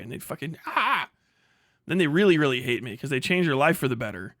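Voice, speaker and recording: A man's voice: medium pitch, big pitch swings, brisk, fairly bright tone, no room sound, studio quality. A man hosting a livestream, chatting crudely and ranting with lots of swearing and laughter. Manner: ranting, profane, laughs a lot. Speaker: streamer host. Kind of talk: crude casual livestream chat.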